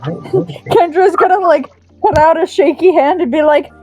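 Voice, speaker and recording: A woman's voice: very high voice, unhurried, darkish tone, lo-fi sound, soft background music. A woman playing in a tabletop game, chatty and giggly as she describes her character's actions. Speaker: player.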